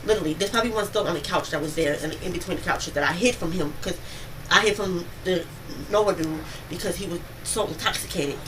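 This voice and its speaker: A woman witness giving a rapid, breathless account of events to police at home. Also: on the low side. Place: home, near the kitchen. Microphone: police bodycam. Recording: distant bodycam audio with background noise.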